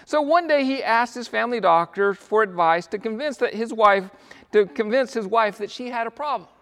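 A man's voice: very high voice, moderate pace, creaky, a bit bright. A male pastor preaching a sermon, telling stories with acted quotes in an earnest, pleading manner. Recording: long hall reverb.

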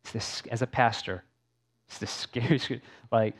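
A man's voice: mid-range voice, unhurried. A male pastor preaching a sermon in a conversational way, with asides and rhetorical questions.

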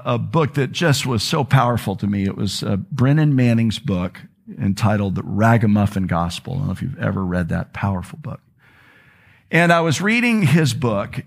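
A male pastor preaching to a room full of people at a middle pitch. He tells a personal story in an earnest, confessional way. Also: vocal fry. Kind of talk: sermon.

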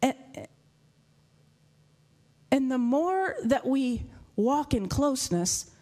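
A woman preaching a sermon to a congregation in a church, animated and laughing often. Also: sits high, very slow. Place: church hall with live audience.

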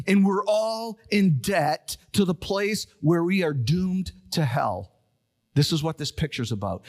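A male pastor preaching a sermon, reading scripture low and solemn, then building to urgent, rising appeals. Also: very animated, unhurried. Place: church sanctuary.

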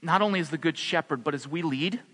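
A man preaching a sermon as pastor, passionate at the peaks and soft and low in prayer. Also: fast, in a large hall. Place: church hall.

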